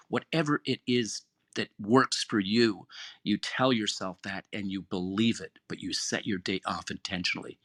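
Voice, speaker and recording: A man with a fairly low voice delivers an earnest, encouraging pep talk as host of an online discussion room. The sound is dry and close, with no room around it. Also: moderate pace, fairly bright tone, no echo. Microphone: phone or headset in an online audio room.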